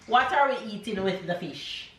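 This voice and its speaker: A woman's voice: mid-range voice, lively intonation, normal speed, a little hiss or hum. A Jamaican woman in her thirties, a mother narrating a casual family vlog from her kitchen, playfully quizzing her kids in a sing-song way. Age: 30s. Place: home kitchen.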